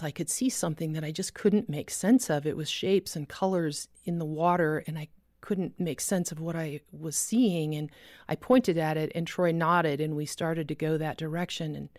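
A woman telling a dramatic faith testimony as a preacher, intense and vivid, dropping low and quiet at solemn moments. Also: no room sound, clean studio sound.

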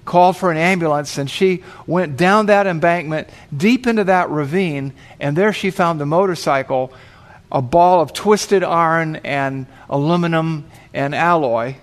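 A man's voice: on the high side, unhurried. A man preaching, telling a vivid story and acting out the voices of the people in it. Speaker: pastor. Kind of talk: sermon storytelling.

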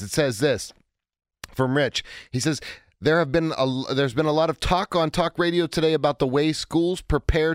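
A man in his forties hosting a call-in radio show, talking in an energetic, chatty way with a hoarse, cracking voice. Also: a little high, no room sound, studio quality. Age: 40s. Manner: energetic, chatty, self-interrupting. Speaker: radio talk show host.

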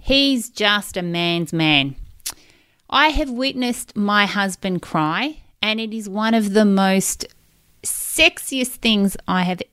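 This podcast host, a woman in her forties, delivers a monologue of personal stories, open and emotional, looping back on herself as she rambles. She speaks unhurriedly in a smooth, clear, medium-pitched voice that is expressive and a bit bright. The sound is dry and close-miked, with no echo or room tone.

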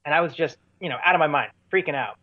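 A man, a musician, tells long stories in an interview, wandering through fillers and restarts. His voice sits a bit high. The sound is dry and somewhat muffled, like a lo-fi recording. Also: rapid-fire, no echo. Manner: rambling, many fillers and restarts. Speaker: touring musician guest. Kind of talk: casual storytelling in an interview.

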